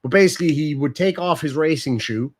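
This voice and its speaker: A young man holds a loose, swear-filled chat and explains slang with animated energy. His voice sits a little higher than most men's. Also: fairly quick. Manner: profane, animated storytelling. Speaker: streamer host. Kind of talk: casual chat.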